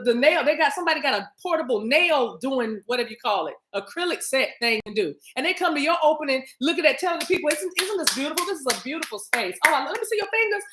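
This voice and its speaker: A woman hosting a livestream, talking to her chat in an animated, emphatic, preachy way and repeating her phrases. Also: high voice. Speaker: spiritual reader and livestream host. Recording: roomy echo.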